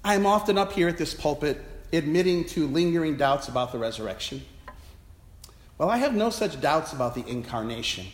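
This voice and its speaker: A man, a priest, giving a reflective, story-telling sermon from the pulpit of a church. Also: a little high. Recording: echoey church with long reverb.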